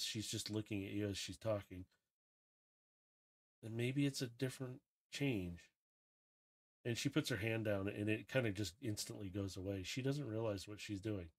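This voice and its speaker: Male game master, casual storyteller, relaxed descriptive narration. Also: on the low side. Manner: relaxed, descriptive, loose phrasing.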